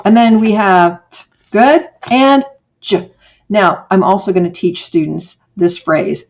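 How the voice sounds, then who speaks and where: Slow, deliberate woman teaching phonics. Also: mid-range voice, dull audio. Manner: slow, deliberate classroom modeling, drawing out sounds. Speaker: teacher educator. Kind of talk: screencast teaching demonstration. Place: home office. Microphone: webcam or laptop microphone.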